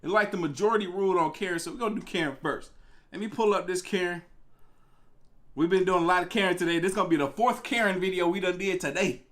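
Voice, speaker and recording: A young man hosting a live reaction stream, talking in a relaxed, slangy way to his viewers. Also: high voice, quick pace. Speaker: livestream reaction host. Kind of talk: casual live-stream chat.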